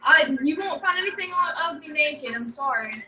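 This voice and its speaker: A woman's voice: high-pitched, lively intonation, moderate pace, pushed and bright. A young woman chatting casually on a livestream, rambling, joking and swearing freely. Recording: echoey room, distant mic, dull sound.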